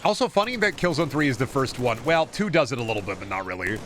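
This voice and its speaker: A man's voice: medium pitch, sing-song, fast talker. A man streaming a video game, rambling in casual, profane, jokey commentary. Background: game music and sound.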